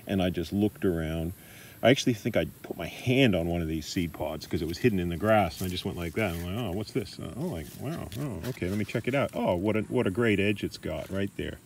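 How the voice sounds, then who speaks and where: A middle-aged Australian man demonstrating massage techniques in a relaxed, chatty way, recorded in a park. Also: deep voice, fast, slight background noise. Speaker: massage teacher. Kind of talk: casual demonstration. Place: park outdoors.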